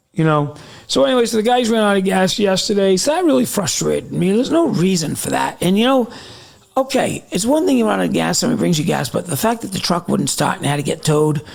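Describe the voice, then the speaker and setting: Man, middle-aged, gravelly husky voice, rambling live-stream chat. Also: on the high side. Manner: rambling, chatty, answering viewer comments by name. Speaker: TikTok live host. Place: at home in the evening.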